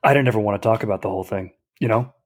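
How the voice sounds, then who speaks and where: A man playing a tactless joker friend, brash, self-pitying, husky. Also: fairly low pitch, racing, close to an everyday voice.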